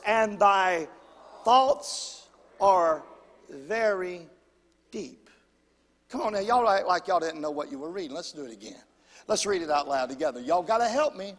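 A male pastor preaching a sermon, calling for amens and swinging between loud and hushed delivery. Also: high-pitched. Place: church sanctuary. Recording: long hall reverb.

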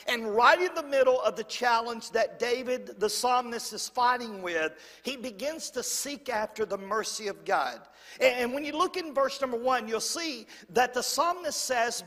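A man's voice: extremely high pitch, fairly bright tone. A man preaching a sermon to a congregation, repeating phrases and calling for amens. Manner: preacherly, repetitive, calls for amens. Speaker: pastor. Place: church hall. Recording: long hall reverb.

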